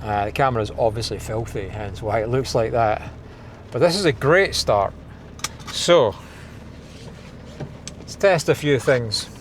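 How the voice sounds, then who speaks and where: A man's voice: mid-range voice, measured pace, long pauses, slight background noise. A Scottish man hosting a do-it-yourself car video, talking casually and poking fun at himself as he works inside a parked car. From Scotland. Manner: chatty, self-deprecating, thinking aloud while working. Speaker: car DIY video host. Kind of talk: casual install walkthrough.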